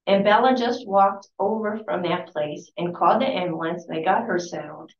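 A woman reads from a memoir at a library talk, breaking off for conversational asides and quick self-corrections. She sits well back from the microphone. The sound is roomy, echoing and muffled. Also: fairly low pitch. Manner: conversational, corrects herself mid-sentence. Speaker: author giving a book talk. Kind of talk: reading aloud from a memoir with chatty asides. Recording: distant, roomy and dull-sounding.

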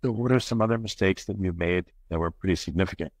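A man's voice: sits low, quick pace, no room sound. A male podcast host, inquisitive, thinking aloud as he frames his interview questions.

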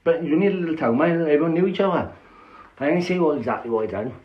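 A man's voice: fairly high pitch, quick pace. A man telling a long story in a rambling, casual way, swearing constantly and restarting his sentences, recorded on a dull lo-fi phone mic. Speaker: social media storyteller.

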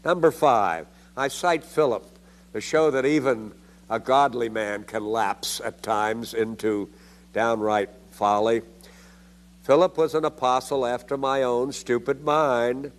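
An older man delivers a theology lecture with a middle-pitched voice. He presses his points with rhetorical questions, and his pitch leaps up sharply when he stresses them. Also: fairly even intonation, slow. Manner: emphatic, with rhetorical questions and sudden rises in pitch.

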